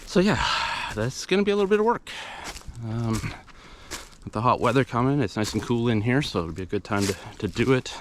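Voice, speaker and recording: A man's voice: medium pitch, animated, brisk, a little hiss or hum. A man casually talking through an outdoor vlog while picking up litter, rambling and matter-of-fact with many fillers. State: out of breath after a hill climb. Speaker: volunteer litter picker and channel host. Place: outdoors in woods and by a roadside.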